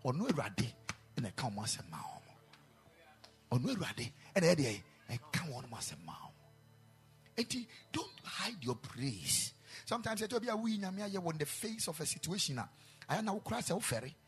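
Ghanaian preacher with a high voice. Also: male voice, big pitch swings, normal speed, faint music behind. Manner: switches between English and Twi, rising to shouted emphasis. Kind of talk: sermon. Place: chapel.

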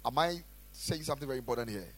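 A man preaching a sermon as a pastor, asking the congregation questions and swinging between shouted lines and quiet asides. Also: mid-range voice, lively intonation, rapid-fire, slightly rough, poor audio. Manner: preaching with call-and-response questions.

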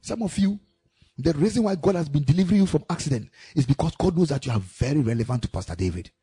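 A man's voice: on the high side, fast talker, slightly rough. A man preaching a sermon at a church camp, telling stories and acting out the voices of the people in them. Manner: animated storytelling preacher, acting out quoted voices. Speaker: pastor.

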